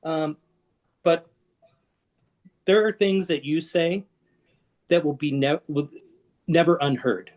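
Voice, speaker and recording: A man's voice: a little high, takes it slowly, pauses often. A middle-aged man, a guest on an interview podcast, talking candidly and with self-deprecating humor about his past. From Seattle area. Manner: frank and self-deprecating, with lively asides.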